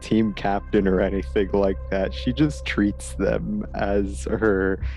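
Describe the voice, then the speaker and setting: A man playing a tabletop game, speaking haltingly and thoughtfully, describing his character. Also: fairly low pitch, little pitch movement, vocal fry, darkish tone, faint music behind. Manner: halting, thoughtful, full of fillers. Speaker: player. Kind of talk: tabletop role-play.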